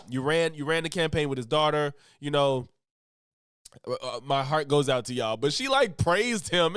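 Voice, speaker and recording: A man's voice: on the high side, lively intonation, normal speed, a bit bright, smooth, dry recording. A man streaming his reaction to a video, talking loosely, swearing and laughing often. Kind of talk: casual reaction commentary.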